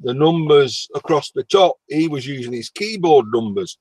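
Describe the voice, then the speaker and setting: A man's voice: fairly high pitch, lively intonation, darkish tone, no room sound. A man co-hosting a casual livestream, teasing his friend and reading out the chat. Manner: slow, teasing, reads chat aloud.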